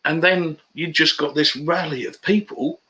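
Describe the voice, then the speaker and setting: A man's voice: fairly high pitch, moderate pace, bright, forceful tone, rough recording. A man, a guest telling stories in casual, matey banter on a video-call interview. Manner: chatty storyteller, matey banter.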